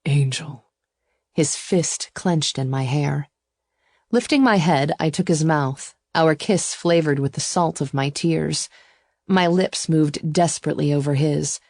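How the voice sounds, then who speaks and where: Low-voiced woman narrating a romance. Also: moderate pace, a little mellow, no room sound, studio quality. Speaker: audiobook narrator. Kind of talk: first-person romance narration.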